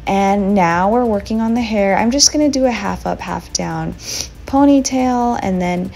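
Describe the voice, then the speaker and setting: A young woman talking through a makeup tutorial in a chatty, relaxed, slightly slow and sleepy voiceover recorded as a voice memo. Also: medium pitch, gravelly. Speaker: beauty vlogger.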